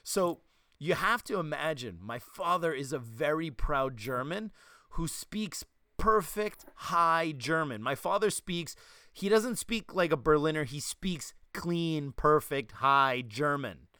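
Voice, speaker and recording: Bright-voiced New York man telling stories. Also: a little high, measured pace, no echo. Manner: animated storytelling, slipping into quoted voices. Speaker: podcast host. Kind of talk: casual chat.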